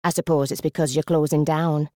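A woman voicing a chatty, self-satisfied elderly customer who speaks sagely and slowly. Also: low voice, flat delivery, mellow, dry recording, clean studio sound, lightly acted. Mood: prim. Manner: sage, self-satisfied, slow.

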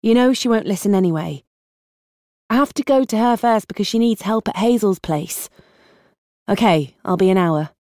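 A woman reading an audiobook, voicing a harried young woman with a British accent who juggles phone calls while driving and talks in a brisk, exasperated way. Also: mid-range voice, mellow, no echo, studio quality, natural voice. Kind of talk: audiobook character voice.

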